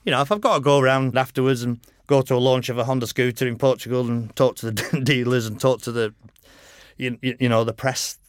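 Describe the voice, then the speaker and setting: A man's voice: medium pitch, fairly even intonation, a little fast, dry recording. A middle-aged man, a motorcycle racer, telling long frank anecdotes in a casual podcast interview, peppered with "you know".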